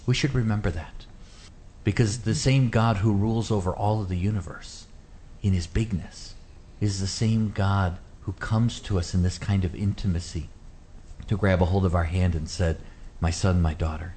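Earnest low-voiced male pastor. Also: normal speed, slight background noise. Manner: earnest and animated, shifts to a hushed gentle voice when quoting God. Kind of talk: preaching on a Bible passage in a radio discussion.

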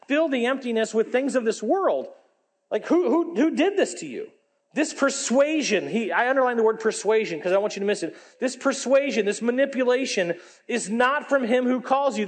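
A man preaching a lively sermon as pastor, swinging between loud, high lines and quiet, low asides. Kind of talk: energetic sermon.

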